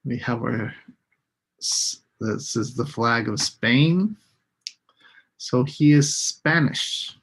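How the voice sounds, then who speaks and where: A man teaching an English lesson on a live stream, slowly repeating each word for his students. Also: mid-range voice, fairly bright tone, breathy edge. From United States. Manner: slow, deliberate, repeats words for students.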